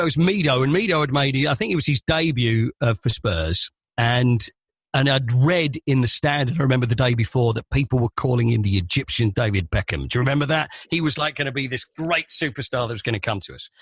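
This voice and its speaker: A man, a stadium announcer, telling a long anecdote on a podcast in a lively, animated way, acting out the voices in his story. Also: on the high side, a little fast, slightly rough, no room sound.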